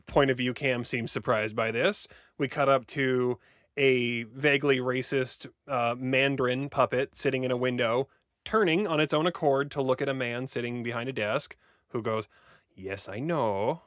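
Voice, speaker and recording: Sarcastic podcast co-host, dry close sound. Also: male voice, mid-range voice, steady tone, fairly bright tone, no echo. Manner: sarcastic, jokey, rushes plot summary. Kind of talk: casual podcast chat.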